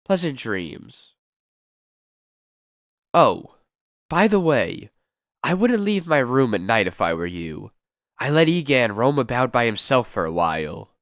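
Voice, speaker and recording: A man's voice: medium pitch, sing-song, measured pace, pauses often, fairly bright tone, dry recording, studio quality. A man voicing a sinister male asylum doctor who sounds politely menacing. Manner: silkily polite, veiled threats.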